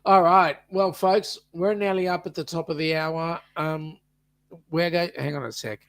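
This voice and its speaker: An Australian man talks slowly and loosely as he co-hosts a casual live stream. He rambles a little and reads viewer comments aloud. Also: fairly high pitch, steady tone, fairly bright tone, clean tone. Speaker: co-host of a live chat stream.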